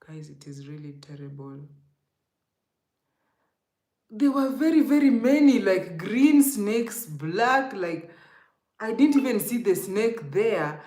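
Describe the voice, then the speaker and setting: A woman's voice: medium pitch, mellow, reverberant. A Kenyan woman telling an emotional, rambling storytime to her viewers, often calling them guys. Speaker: vlogger. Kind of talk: storytime vlog.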